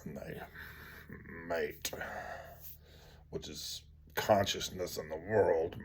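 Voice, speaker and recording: A man's voice: sits low, fairly even intonation, slow pace. A man teaching by telling a story in a rambling way with many fillers, sometimes dropping to a near-whisper. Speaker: teacher of tantric practice.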